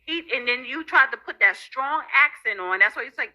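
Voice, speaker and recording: A woman's voice: high-pitched, animated, a little fast, sharp tone. A woman giving casual opinions online in a dismissive manner. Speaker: online commentator. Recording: dull lo-fi clip audio.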